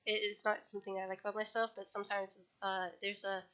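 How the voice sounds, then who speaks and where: A woman talks casually on a livestream, her voice bright and fairly flat in pitch. She rambles, restarts sentences and corrects herself. The sound is dull, like low-fidelity stream audio. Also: fast.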